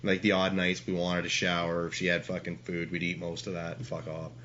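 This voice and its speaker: Here the same sort of speaker, a middle-aged man from Canada being interviewed, talks fairly fast in a low, monotone voice that still has some brightness. His story wanders casually, peppered with profanity and his own laughter, over a dull, slightly hissy lo-fi recording.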